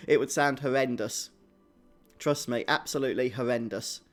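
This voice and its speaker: A man's voice: mid-range voice, normal speed, soft background music. A young man with a Birmingham accent commentating a live game stream, chatting with viewers in a self-deprecating, laughing way. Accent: Birmingham (Brummie). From England. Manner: chatty, reads and answers chat viewers.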